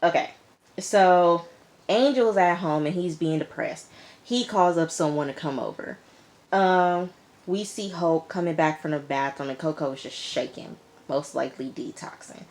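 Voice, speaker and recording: A woman casually recapping a TV episode, chatty and animated, calling her listeners y'all and girl and acting out the characters' lines. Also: lowish voice, unhurried. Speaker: TV episode reviewer.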